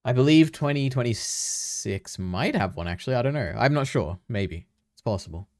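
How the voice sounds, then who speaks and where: A man's voice: medium pitch, lively intonation, normal speed, no room sound. Man, casual movie chat, hesitant, lots of um and like, dry close mic. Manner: hesitant, many fillers and restarts. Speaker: podcast co-host.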